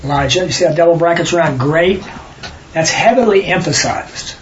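High-voiced man teaching Bible study. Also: moderate pace, highs cut off, slight background noise. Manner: explanatory, stops readers to correct and stress words.

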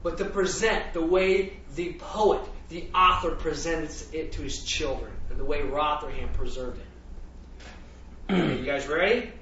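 Animated male Bible teacher in echoey room. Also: fairly high pitch, measured pace. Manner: animated, emphatic, dramatic reading. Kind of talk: sermon with dramatic scripture reading. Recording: distant, roomy, dull with faint noise.

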